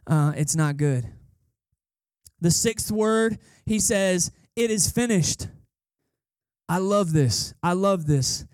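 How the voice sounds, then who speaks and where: A man with a notably high-pitched voice delivers a conversational sermon, telling stories and leaning on repeated phrases for emphasis. The sound is dry, with little room echo. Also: a little mellow. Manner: casual, storytelling, emphatic repetition. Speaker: guest pastor. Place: church service.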